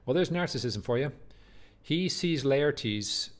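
A man's voice: medium pitch, lively intonation, slow pace. A man teaching Shakespeare in a casual spoken lecture, emphatic and often repeating words as he restarts.

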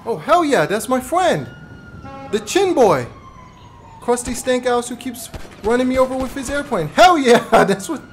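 A man voicing a brash, rowdy young gamer character during a live game stream, shouting boastful trash talk. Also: extremely high pitch, sing-song, unhurried, slight background noise, exaggerated voice. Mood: excited.

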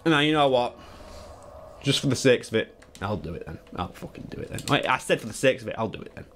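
A young man giving live, excitable, sweary commentary on his gameplay while he talks to chat. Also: medium pitch, fast, slight background noise. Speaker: speedrunner streamer.

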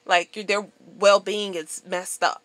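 A woman vlogger venting to camera in a blunt, profane, animated monologue. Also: medium pitch, a little slow, no room sound.

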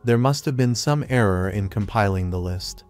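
A man narrating a fantasy story recap in a flat, even third-person retelling. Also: on the low side, normal speed. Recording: faint music behind. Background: soft background music.

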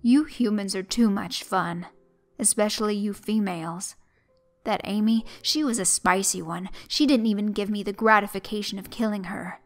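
A woman voicing a towering sadistic male monster who taunts slowly and mockingly. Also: mid-range voice, soft background music, lightly acted. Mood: nonchalant. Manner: slow, mocking and nonchalant.

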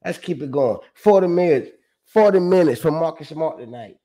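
Animated, slangy man breaking down stats. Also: on the high side, normal speed. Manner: animated, slangy and profane, reciting stats with emphatic repeats. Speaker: sports show host. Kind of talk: casual sports commentary.

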